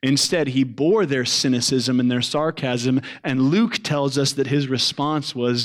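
A man preaching a sermon, earnest, swelling to loud emphasis and dropping to soft, low lines. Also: fairly even intonation, unhurried, few pauses. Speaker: pastor.

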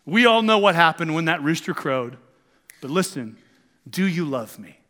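A man voicing Jesus in a sermon, a gentle shepherd figure, speaking softly and earnestly in a lowered voice. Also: lively intonation, normal speed, in a large hall. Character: Jesus, gentle questioning shepherd, male adult.

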